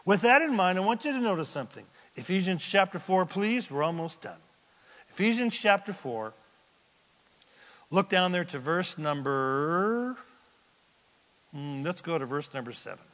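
A man's voice: sits high, normal speed, pauses often. A man pastor delivering a dramatic sermon in a church, acting out scenes as he preaches. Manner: animated and dramatic, acts out scenes. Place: church sanctuary. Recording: reverberant church hall.

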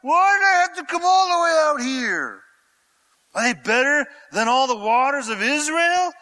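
A man's voice: sits high, animated, measured pace, bright, forceful tone, long reverb tail, heavily acted. A man voicing a proud, pompous army commander who blusters in indignation. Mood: outraged.

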